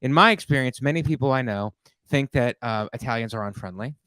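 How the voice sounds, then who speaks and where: A man co-hosting a comedy podcast, chatting casually and getting loud and shouty when riffing. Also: medium pitch, a little fast, no room sound. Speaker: podcast co-host.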